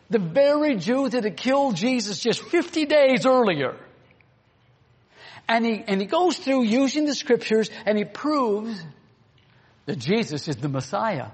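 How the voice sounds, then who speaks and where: A man's voice: very high-pitched, slightly rough. A man preaching a sermon, earnest and full of rhetorical questions to the congregation. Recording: long hall reverb.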